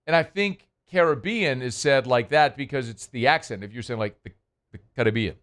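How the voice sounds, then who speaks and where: A male sports radio host chatting loosely on air. His voice is smooth and resonant and sits in a middle register. He rambles in a playful way and pokes fun at himself. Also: medium pitch, lively intonation, moderate pace, fairly bright tone. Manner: rambling, playful, self-deprecating. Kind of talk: casual radio chat. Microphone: studio microphone.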